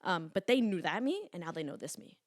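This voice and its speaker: A woman of about twenty, a podcast guest telling stories in casual chat, animated and full of "like" and the odd swear word. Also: fairly low pitch, fairly quick, no echo. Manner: chatty, animated storytelling with frequent "like" and swearing. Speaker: podcast guest, lifting influencer.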